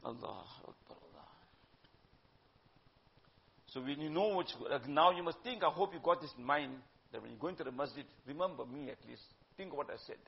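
A man giving a religious talk, emphatic, swinging between loud urging and hushed asides and slipping in Urdu phrases. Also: fairly high pitch, fast, creaky, hardly any pauses. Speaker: religious teacher. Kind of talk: sermon-style religious talk. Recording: dull lo-fi recording.

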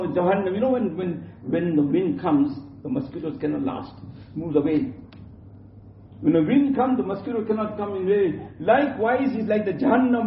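A man giving an Islamic sermon in an emphatic, repetitive way, often restarting his sentences, recorded from a distance in a prayer hall. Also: high voice. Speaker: Islamic preacher. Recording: roomy, distant, dull lo-fi with faint hum.

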